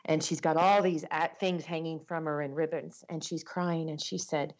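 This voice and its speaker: A woman's voice: low-pitched, fairly even intonation, normal speed, hardly any pauses, dull audio. A woman who speaks for a living, telling stories earnestly and with feeling as a guest in an interview over a video call. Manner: earnest, impassioned. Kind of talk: emotional interview storytelling.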